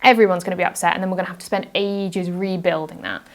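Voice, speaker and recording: A woman's voice: fairly low pitch, fairly even intonation, quick pace. Earnest woman podcast guest. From United Kingdom. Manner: earnest, reflective, acts out example phrases. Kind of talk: casual interview chat.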